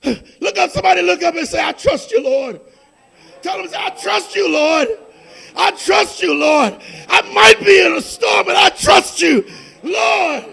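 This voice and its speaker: A man preaching a fervent sermon as pastor, dropping to a hush and then building to shouted, repeated lines. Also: very high-pitched, measured pace, creaky.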